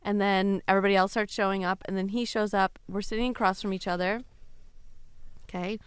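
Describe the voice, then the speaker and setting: A woman comedian guest telling stories in animated casual chat, laughing as she goes. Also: mid-range voice, fairly quick, smooth, no echo.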